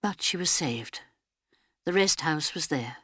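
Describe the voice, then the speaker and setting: A woman's voice: low-pitched, expressive, a little slow, bright, forceful tone, slightly rough, no echo, studio quality. A woman narrating an audiobook dramatically, often dropping to a whisper.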